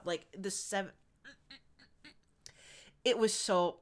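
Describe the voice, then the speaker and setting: A woman's voice: on the low side, expressive, slow, pauses often. A woman streaming a video game, chatting casually and giggling as she rambles. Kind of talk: casual live-stream chat while gaming.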